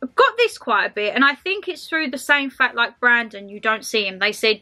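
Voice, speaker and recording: A young woman in her twenties chats on camera, rambling easily through viewer questions. Her voice is bright and forceful and sits a little high. Soft music plays faintly underneath. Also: expressive, brisk. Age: 20s. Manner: chatty, rambling, calls viewers "my lovelies". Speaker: lifestyle vlogger. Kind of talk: casual Q&A chat to camera.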